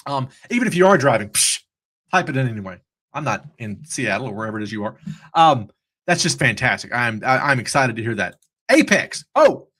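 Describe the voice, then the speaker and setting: A man's voice: mid-range voice, fairly bright tone. A man hosting a live trading stream, chatty and upbeat, easily sidetracked as he talks through charts. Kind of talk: casual live-stream commentary.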